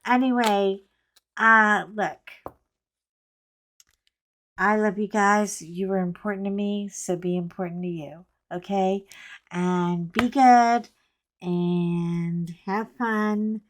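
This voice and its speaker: A woman's voice: mid-range voice, steady tone, slow pace, long pauses. A middle-aged woman chatting casually while she colors, rambling with joking asides. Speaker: coloring vlogger.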